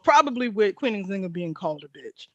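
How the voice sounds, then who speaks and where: A man's voice: high-pitched, big pitch swings, brisk, muffled recording, over a noisy crowd. A man, co-hosting a podcast and arguing bluntly in a heated group discussion. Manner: blunt, repeats "yo" and "keep it one hundred". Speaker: podcast co-host.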